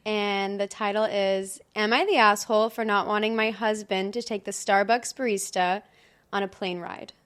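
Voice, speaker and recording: A woman's voice: mid-range voice, steady tone, moderate pace, clear, resonant tone. A young woman co-hosting a casual podcast, reading stories aloud in a chatty way and laughing often. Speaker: podcast co-host.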